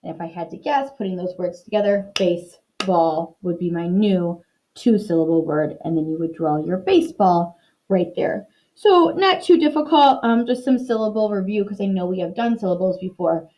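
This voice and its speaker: A young woman teaching a reading lesson to young children in an upbeat, encouraging way, slowing down to model words clearly. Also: on the low side, animated, mellow, low-quality recording.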